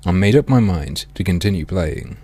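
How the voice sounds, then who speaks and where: A man streaming a video game, reading its text aloud in a mock-dramatic way with sardonic, swearing asides, his throat strained and often cleared. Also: low voice, animated, moderate pace, mellow. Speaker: gaming streamer.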